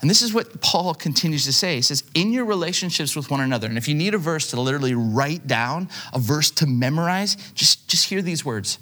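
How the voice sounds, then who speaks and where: A man's voice: on the high side, expressive, a little fast, hardly any pauses, sharp tone. A man, preaching a sermon in a loose, conversational way and telling stories on himself with plenty of fillers. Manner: conversational, self-deprecating storytelling with frequent fillers. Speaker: pastor.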